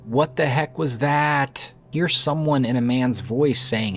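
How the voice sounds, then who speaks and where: A man's voice: mid-range voice, slow pace, faint music behind. Give me a man narrating eerie footage in a casual, doubtful tone. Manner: conversational, skeptical asides. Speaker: narrator of trail cam compilations. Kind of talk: scripted video narration.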